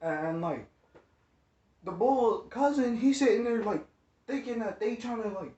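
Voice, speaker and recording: A man's voice: extremely high pitch, unhurried, dark tone. A man telling a story about his past in slangy, casual speech, often repeating himself. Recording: echoey room, dull lo-fi sound.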